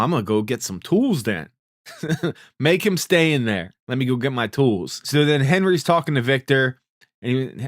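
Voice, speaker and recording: A man breezes through a TV recap in an easygoing, swearing style. His voice sits at an ordinary middle pitch. The recording is close and completely dry, with no room sound. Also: no echo. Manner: laid-back, profane, paraphrases characters' lines in plain retelling. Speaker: TV recap host. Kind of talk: casual spoken recap.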